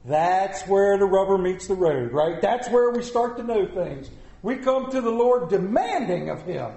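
A male pastor delivers a folksy, animated sermon, mixing humor with earnest warnings. His voice sits high for a man. The sound rings around a roomy, echoing church. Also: unhurried, hardly any pauses. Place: church sanctuary. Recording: echoey church room.

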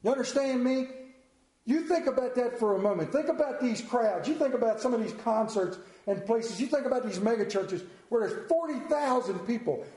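A middle-aged man preaching a sermon, emotional and intense, moving between loud fervor and hushed reading. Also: very high-pitched, lively intonation, moderate pace, reverberant.

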